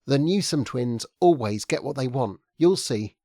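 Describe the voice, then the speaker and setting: A man voicing a frank young woman who is sceptical and teasing, speaking briskly in a raised voice. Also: extremely low pitch, animated, dark tone, dry recording, clean studio sound, heavily acted. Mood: wry. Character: wry, frank young British woman, Ben's partner.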